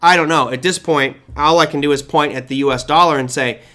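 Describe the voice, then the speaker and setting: A middle-aged man hosting a live market-commentary stream, answering viewer questions in a conversational, animated way with rhetorical questions and frequent restarts. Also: on the high side, fairly quick.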